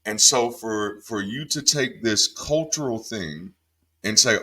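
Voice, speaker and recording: Give me a man's fairly low but ringing, forward voice, a former preacher doing a casual Bible commentary. He talks with emphasis and swears freely. He drops into calm, quiet stretches, then jumps up sharp and high when he gets worked up. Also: measured pace. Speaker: former pastor turned online commentator.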